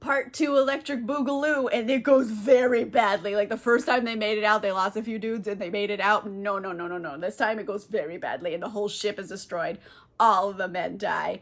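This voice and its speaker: A woman's voice: medium pitch, fairly even intonation, brisk. Tipsy, giggly woman book vlogger. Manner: rambling, profane, giggly. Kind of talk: casual comedic book recap.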